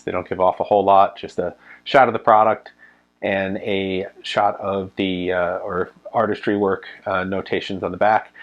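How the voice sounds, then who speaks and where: Low-voiced guy unboxing a collectible, chill and rambly, lots of ums. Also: dull audio. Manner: relaxed, lots of ums and uhs while handling the product. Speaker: toy reviewer. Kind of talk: casual unboxing review.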